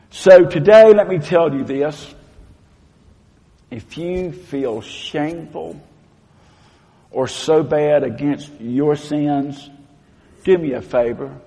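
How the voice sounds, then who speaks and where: Male preacher, slightly high, gravelly, leads call-and-response, sanctuary reverb. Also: slow pace, pauses often. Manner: swings between loud emphatic proclaiming and hushed low tones. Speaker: pastor. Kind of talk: sermon. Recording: long hall reverb.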